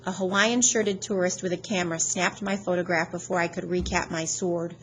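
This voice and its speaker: A woman narrating an audiobook in a lively, expressive reading style. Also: fairly low pitch, brisk, husky, poor audio. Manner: lively expressive reading, voicing characters' shouts.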